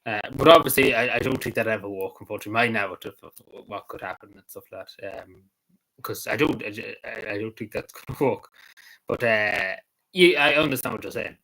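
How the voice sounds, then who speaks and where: A man hosting a casual livestream, talking in a halting, rambling way with frequent laughs and restarts. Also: fairly low pitch, sharp tone, low-quality recording. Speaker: livestream host.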